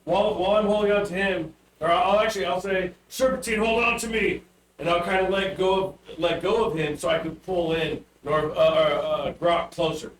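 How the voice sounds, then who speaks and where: Hesitant player, faint and echoey. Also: male voice, high voice, fairly even intonation, brisk, few pauses. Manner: hesitant, repeats words while thinking aloud. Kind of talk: casual tabletop play. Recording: echoey room, distant mic, faint noise.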